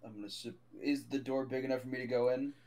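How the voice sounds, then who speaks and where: A man playing a tabletop game, speaking in a slow, deadpan way in character. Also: medium pitch, a crowd in the background.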